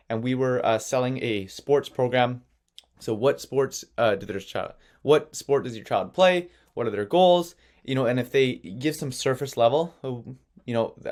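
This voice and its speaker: Male course instructor, mid-pitched, animated and coaching, tells stories and keeps checking listeners follow. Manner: animated storytelling, checks in with okay and right. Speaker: marketing agency founder teaching sales. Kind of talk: online course lesson.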